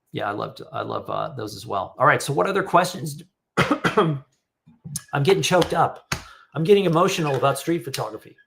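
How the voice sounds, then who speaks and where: With medium pitch, vocal fry, and a fairly bright tone, a middle-aged man talks casually on a live stream. As a photographer hosting a critique, he reads viewers' questions aloud and offers candid, rambling feedback on their photos.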